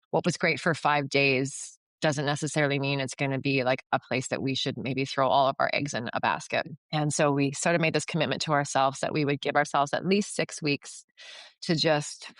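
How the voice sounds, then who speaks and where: A woman's voice: rumbling low, no room sound. A woman from Canada, a guest on a podcast, telling a story in a casual, chatty way with lots of fillers and acted-out dialogue. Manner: chatty, filler-heavy, acts out quoted dialogue. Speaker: podcast guest, yoga retreat founder.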